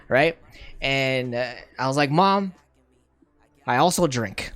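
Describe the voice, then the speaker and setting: A man's voice: mid-range voice, a little slow, smooth, no echo. A young man and streamer, casually telling a personal story, full of "right?" and "like" fillers and laughing often. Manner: animated, mimics voices of parents in quotes.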